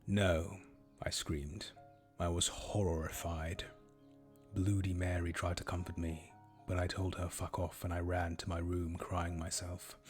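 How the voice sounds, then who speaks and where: A man streaming himself reading fan fiction aloud in a deadpan, low-key way. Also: a little slow, faint music behind. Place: home streaming setup.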